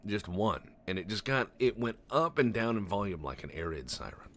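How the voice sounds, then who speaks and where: A man commenting on a game he is playing, telling long absurd stories in a deadpan way, stammering and swearing often. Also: lowish voice, moderate pace, slight background noise. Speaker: Let's Play commentator. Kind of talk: casual game commentary with rambling tall tales.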